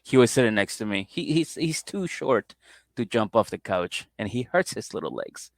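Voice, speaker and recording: A man's voice: on the low side, sing-song, normal speed, creaky, dry recording, studio quality. A man co-hosting a comedy podcast at home, chatting casually and acting out people's lines in put-on voices. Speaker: podcast co-host recapping a reality show. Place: at home on a couch with his dog.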